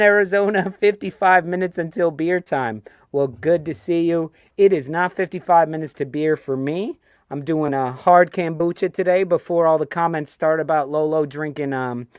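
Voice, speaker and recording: A man's voice: on the high side, clear, resonant tone, no echo, studio quality. Chatty New York man hosting a stream. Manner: chatty, ranting, reads viewer comments aloud. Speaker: host of a fan show. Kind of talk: casual live-stream chat.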